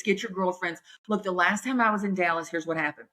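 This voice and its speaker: A woman comedian, talking in a chatty, folksy, animated way on her podcast. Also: lowish voice, brisk, few pauses. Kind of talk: casual chat.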